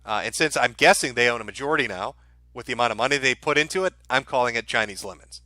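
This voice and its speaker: Bright dry-voiced sarcastic male streamer. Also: medium pitch, fast, no room sound. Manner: dry sarcastic asides between read-out messages. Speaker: streamer reading donation messages. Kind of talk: casual livestream commentary.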